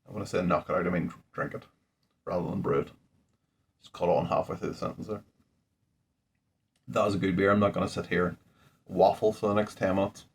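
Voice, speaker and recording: Husky low-voiced man, rambling. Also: fairly even intonation, brisk, pauses often. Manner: rambling, chatty, thinking aloud. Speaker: home brewer reviewing beer. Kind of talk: casual beer-tasting vlog. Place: indoors at home under a ring light.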